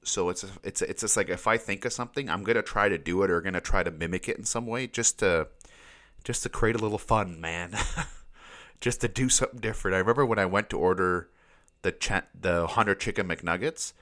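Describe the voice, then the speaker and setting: A very deep-voiced man talking casually on a podcast. He rambles along, tripping over repeated words and often breaking into laughter. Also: brisk, sharp tone. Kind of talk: casual chat.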